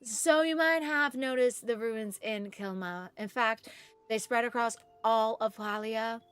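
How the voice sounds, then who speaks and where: A woman reading out a calm, thoughtful female game villager in a slow, soft-spoken way. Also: on the high side, clean tone. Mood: measured. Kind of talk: reading game dialogue aloud.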